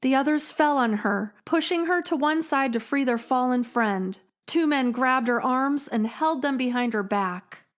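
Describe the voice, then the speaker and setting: A woman hosting a storytelling podcast, reading a scripted story in a measured, dramatic way. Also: high voice. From Illinois, USA. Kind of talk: scripted narration.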